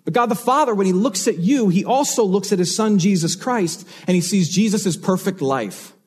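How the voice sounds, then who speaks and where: Guy pastor giving a sermon, kinda high voice, a bit husky, earnest and emphatic. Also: animated, normal speed, darkish tone. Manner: earnest, emphatic preaching with repeated phrases.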